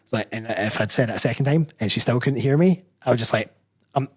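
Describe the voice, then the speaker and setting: Fast and medium-pitched with a slightly rough edge, a Scottish personal trainer and bodybuilder speaks candidly as a casual interview guest. He rambles and often begins his sentences again.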